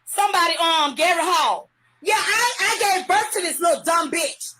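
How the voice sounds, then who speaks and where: A middle-aged woman in a heated, profane live-stream rant, often shouting. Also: very high voice, lively intonation, moderate pace. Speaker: livestreamer.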